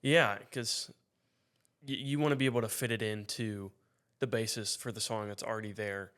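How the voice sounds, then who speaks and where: Low-voiced guy in a band, easygoing, explains things step by step. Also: steady tone, moderate pace, fairly bright tone. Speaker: band member guest. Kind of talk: casual interview chat.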